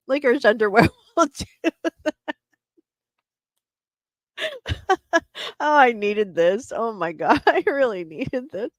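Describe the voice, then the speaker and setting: A woman's voice: medium pitch, big pitch swings, unhurried, long pauses, no echo. A woman hosting a casual livestream from home, chatting with viewers and laughing often. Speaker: livestream host.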